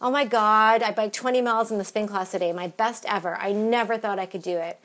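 A woman's voice: mid-range voice, fairly even intonation, a little fast, a bit bright, close to an everyday voice. A woman voicing a bubbly, dramatic Los Angeles valley girl who gushes and says oh my God and dude. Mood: gushing.

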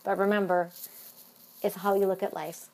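A woman's voice: mid-range voice, level tone, normal speed, a little mellow. Upbeat woman vlogger. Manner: earnest, upbeat sign-off. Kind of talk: casual comedic monologue.

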